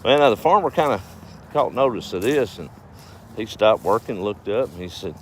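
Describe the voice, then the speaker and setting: Deep-voiced folksy man. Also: lively intonation, normal speed, a little hiss or hum. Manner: folksy, chuckling, rambling. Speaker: farm vlogger. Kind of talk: casual storytelling livestream.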